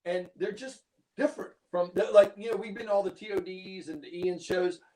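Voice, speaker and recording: A man hosting a relaxed interview, his voice pitched well above the usual for a man. He jumps in eagerly and agrees often, keeping the chat easy. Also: fairly quick, rough recording. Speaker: interview host. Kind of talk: casual chat.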